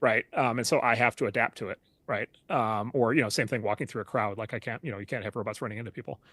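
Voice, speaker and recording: Fast-talking middle-aged man, dry close sound. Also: medium pitch, slightly rough, no echo. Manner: rapid and animated, full of "you know" and restarts. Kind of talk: casual interview talk.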